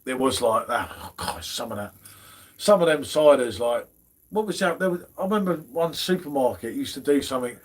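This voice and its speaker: A man's voice: medium pitch, lively intonation, a little fast. A middle-aged man, hosting a casual beer livestream and chatting in a matey, banter-filled way. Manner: chatty, matey banter, drops "mate" often. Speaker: beer channel host.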